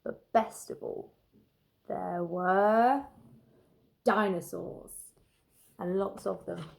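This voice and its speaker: A woman teacher reading a picture book aloud for children, gently commenting on the pictures. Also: mid-range voice, fairly even intonation, drawn-out words, vocal fry. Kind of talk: children's story time narration.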